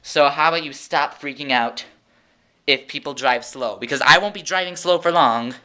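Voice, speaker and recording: A man's voice: fairly high pitch, normal speed, sharp tone. A teenage boy ranting in a sarcastic, exasperated vlog monologue at home. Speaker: vlogger.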